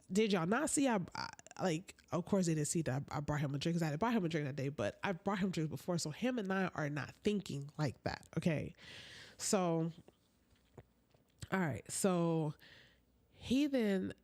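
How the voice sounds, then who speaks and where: A woman telling an animated storytime on a casual livestream, chatting loosely and dropping into whispers for asides. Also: lowish voice. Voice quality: chatty, drawn-out storytelling full of "like" and "honey".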